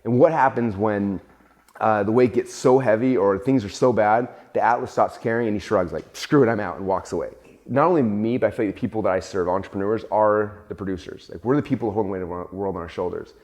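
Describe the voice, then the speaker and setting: A man in casual conversation, telling stories with many fillers and restarts, jumping into a high voice to act out his own panic. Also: fast. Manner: animated storytelling, acts out his own panic in a raised voice. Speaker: host and entrepreneur.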